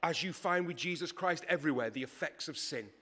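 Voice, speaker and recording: A man's voice: a little high, pushed and bright. Emphatic man preaching a sermon. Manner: conversational, emphatic, with dramatic pauses and acted quotes.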